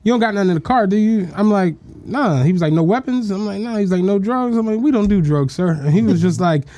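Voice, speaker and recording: Podcast co-host from Philadelphia; profane, animated storyteller who acts out quotes. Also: male voice, sits high, fast talker, no echo. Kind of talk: casual storytelling chat.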